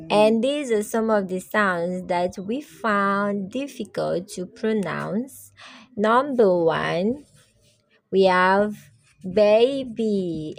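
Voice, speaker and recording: A woman teaching a pronunciation lesson, saying each word slowly and asking listeners to repeat after her. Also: medium pitch. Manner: repeats words slowly for students to echo. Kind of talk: slow, drilled pronunciation lesson.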